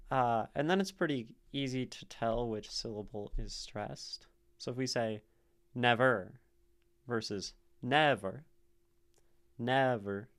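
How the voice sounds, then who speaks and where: Guy on a stream breaking down a poem, slow and smooth, muses out loud. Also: mid-range voice. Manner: slow, thinking aloud, reading verse lines aloud. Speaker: streamer analyzing poetry. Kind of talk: casual poetry analysis on a live stream. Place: streaming room.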